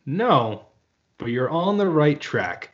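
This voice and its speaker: A man's voice: on the high side, big pitch swings, slow, dull audio. A man co-hosting a casual podcast chat, playfully spinning wild hypotheticals. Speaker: podcast co-host.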